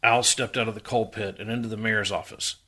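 Man with a low voice reading a crime story. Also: fairly even intonation, brisk, bright, forceful tone, a little hiss or hum. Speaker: story reader. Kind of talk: reading a hard-boiled crime story aloud.

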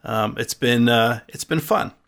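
A man's voice: medium pitch, unhurried, vocal fry, a bit bright. A man speaking as a guest on a podcast in casual chat, hesitant with many restarts.

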